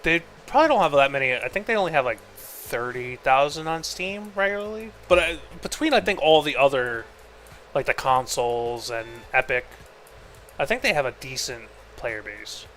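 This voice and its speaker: A man chatting while he streams a game. His voice is bright and forward, and he rambles through a story packed with swearing and filler words. He jumps in and out of voicing each person in the story as he goes. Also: mid-range voice, lively intonation, moderate pace, soft background music. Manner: rambling, profane, leans heavily on 'like'; acts out both sides of quoted exchanges. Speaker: streamer and host. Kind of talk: casual storytelling while gaming.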